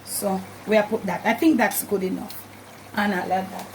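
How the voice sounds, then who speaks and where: A woman's voice: mid-range voice, fairly even intonation, moderate pace, a little hiss or hum, poor audio. A woman with a Jamaican accent, hosting a cooking channel and giving chatty, instructive steps while she cooks in her kitchen. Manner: chatty, instructive, repeats "and all of that". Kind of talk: casual cooking demonstration. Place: home kitchen.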